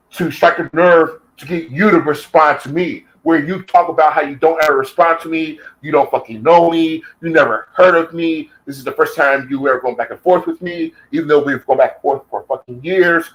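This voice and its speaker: A man's voice: fairly high pitch, fairly bright tone, low-quality recording. An American man delivering an angry, profanity-filled reaction rant at another commentator. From United States. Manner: heated, profane, combative. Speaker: YouTube commentator.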